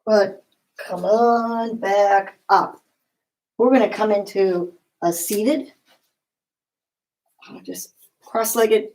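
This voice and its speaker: A woman talks a class through yoga poses one cue at a time, calm and encouraging. Her voice sits a little on the high side. She keeps a steady, guiding tone as she instructs. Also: rough recording. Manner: calm and encouraging, step-by-step cues.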